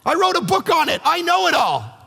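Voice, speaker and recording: A man, a pastor, preaching a sermon with energetic, conversational storytelling in a church auditorium. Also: very high-pitched, brisk, creaky. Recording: echoey church hall.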